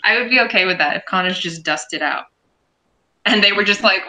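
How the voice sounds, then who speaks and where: Bright-voiced woman, animated and swearing. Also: medium pitch, brisk, low-quality recording. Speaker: show host and reviewer. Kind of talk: casual recap chat.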